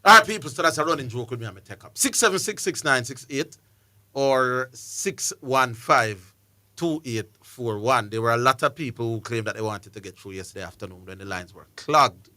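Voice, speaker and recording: Bright-toned Jamaican radio host. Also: male voice, mid-range voice, lively intonation, normal speed, no echo. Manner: jokey, chatty, reads out phone numbers. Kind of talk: casual radio hosting.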